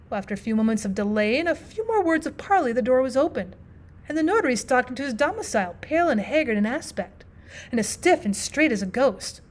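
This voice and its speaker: A woman teacher narrating a classic story aloud, expressive and lively, dropping in casual asides. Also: high voice, fast talker. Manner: expressive, with frequent "well" asides.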